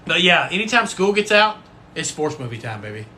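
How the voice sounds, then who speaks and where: A man's voice: a little high, sing-song, brisk, bright, forceful tone, slight background noise. A man hosting a casual livestream, folksy and rambling, with the odd cuss word. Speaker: livestream host and football coach.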